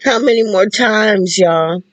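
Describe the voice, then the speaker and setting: A livestream host talking while in tears, halting and repeating phrases. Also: mid-range voice, very noisy. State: tearful. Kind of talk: emotional spoken-word livestream talk.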